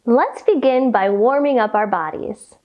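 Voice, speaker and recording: A woman's voice: on the high side, unhurried, highs cut off. A woman guiding a children's yoga class in a playful, sing-song, coaxing way. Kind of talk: guided kids' yoga class.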